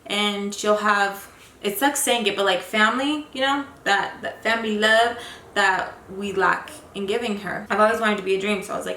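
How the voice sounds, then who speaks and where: A young woman's mid-range voice, pushed and bright, keeps a moderate pace as she recounts a long personal story for a casual vlog. Frustrated and rambling, she uses plenty of fillers. Faint noise and echo fill the room.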